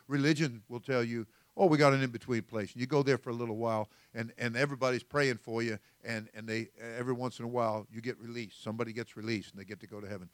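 A man's voice: mid-range voice, steady tone, fast, few pauses, dry recording. An older man preaching as senior pastor, a folksy, rambling sermon full of storytelling asides. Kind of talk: conversational sermon.

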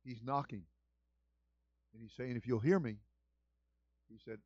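Male senior pastor, sermon delivery, repeats lines for emphasis, swings from hushed to loud. Dry, muffled recording. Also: mid-range voice, unhurried, pauses often, dry recording. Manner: swings from quiet storytelling to shouted exhortation.

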